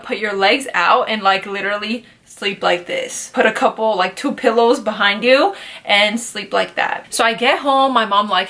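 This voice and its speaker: Chatty young woman telling a storytime. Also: fairly high pitch. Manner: chatty, animated, full of fillers like "like" and "literally". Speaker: beauty vlogger. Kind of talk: casual storytime vlog.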